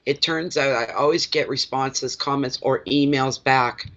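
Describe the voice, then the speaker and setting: A man's voice: mid-range voice, a little slow, fairly bright tone. Chatty man on a dull lo-fi stream. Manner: chatty, greets viewers by name, rambling. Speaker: tarot card reader. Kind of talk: casual live stream chat.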